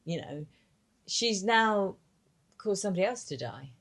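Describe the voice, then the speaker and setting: A woman's voice: mid-range voice, big pitch swings, unhurried, a bit bright. A woman co-hosting a podcast, chatting casually about a TV episode, asking her co-host questions and swearing offhandedly. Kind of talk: casual chat about a TV show.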